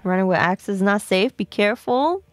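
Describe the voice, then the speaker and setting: A woman's voice: mid-range voice, expressive, moderate pace, slight background noise. A woman live-streaming a video game, chatting to her viewers and talking to herself as she plays. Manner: chatty, talks to herself and chat while playing.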